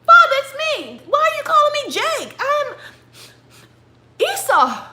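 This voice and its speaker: Woman voicing a raspy, eager farm-boy son, pitched up high and squeaky. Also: wildly swooping pitch, measured pace, roomy sound, background noise, full character voice. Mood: insistent. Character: rough young field-hand son, grunting and eager.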